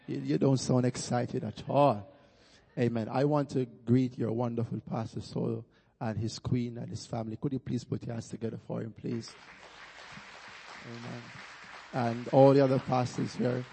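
A man's voice: medium pitch, fairly even intonation, moderate pace, vocal fry, dark tone, husky. A Jamaican man preaching as a guest pastor in a church, rousing the congregation with calls for praise. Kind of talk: sermon. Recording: long church-hall reverb.

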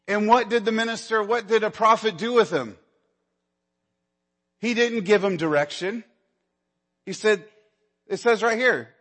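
High-voiced preacher in a reverberant hall. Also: male voice, unhurried, long pauses, fairly bright tone. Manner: conversational preaching, acts out Bible dialogue, rises in pitch when stirred. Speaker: pastor. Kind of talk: sermon.

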